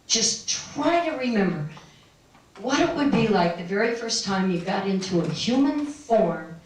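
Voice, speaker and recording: A woman's voice: medium pitch, lively intonation, unhurried, a little hiss or hum. Middle-aged woman, spiritual speaker, rambling talk full of laughs, far off the mic in a very echoey room. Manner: meandering, laughing often. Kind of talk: personal storytelling talk to a live audience. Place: room with an audience.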